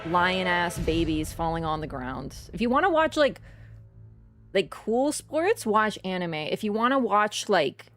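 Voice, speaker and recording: A woman's voice: on the low side, very animated, a little slow, soft background music. A woman streamer in a casual live-stream chat, rambling and swearing as she rants.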